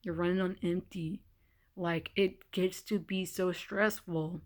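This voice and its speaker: A woman's voice: lowish voice, steady tone, takes it slowly. A young woman venting to her viewers in a loose, unscripted vlog. She sounds exasperated and candid, breaking into laughs and then dropping into heavy sighs as she talks. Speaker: vlogger. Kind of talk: casual vlog monologue. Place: temporary hotel stay during a winter storm.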